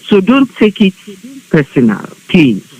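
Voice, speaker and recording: A woman making an earnest, measured appeal to fellow women, quoting proverbs. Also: fairly low pitch, wildly swooping pitch, darkish tone, muffled recording. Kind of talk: calm appeal to a group. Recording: live online broadcast with hiss.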